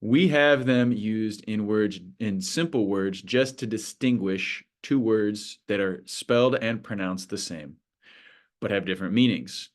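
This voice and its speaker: Low-voiced man teaching a language lesson. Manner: patient, slows down to model words. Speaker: Spanish teacher.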